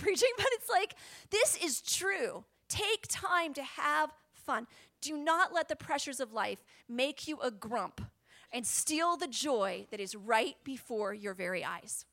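High-voiced woman preaching animatedly. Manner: animated, dropping to whispers, laughs often. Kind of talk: sermon.

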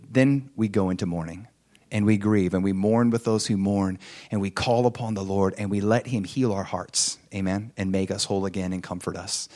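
In a conversational sermon, a male pastor tells stories and questions the congregation directly. He voices the people in those stories with sharp changes in pitch and loudness.

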